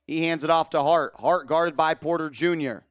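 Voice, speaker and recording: A man doing live play-by-play for his home team, excitable and partisan. His voice sits a touch high and comes through smooth and crisp on a dry close mic. A faint music bed plays under him. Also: no echo, highs cut off. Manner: fast, excitable, openly partisan. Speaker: play-by-play streamer. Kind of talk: live fan play-by-play commentary.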